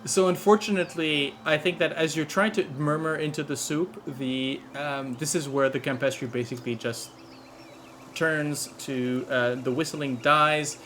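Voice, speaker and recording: Unhurried man running a tabletop game. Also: a little high, steady tone, fairly bright tone, a little hiss or hum. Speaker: game master.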